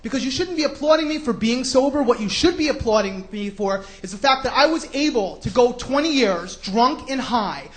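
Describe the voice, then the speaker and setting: A man from New York with a New York accent, doing a stand-up comedy routine with brash, sarcastic ranting and sudden shouts. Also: extremely high pitch, lively intonation, normal speed, hardly any pauses. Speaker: stand-up comic.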